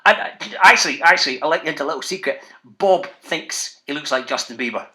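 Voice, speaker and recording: Bouncy, bright-voiced Scottish man. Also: on the high side, fast. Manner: bouncy, playful, calls out to the kids. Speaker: children's author presenting a reading show. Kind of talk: lively talk to school classes.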